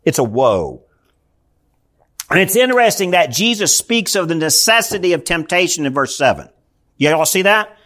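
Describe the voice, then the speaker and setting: Pastor, male, high voice, earnest sermon delivery with frequent restarts. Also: big pitch swings, moderate pace, fairly bright tone. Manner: earnest preaching, frequent "I mean" fillers and restarts.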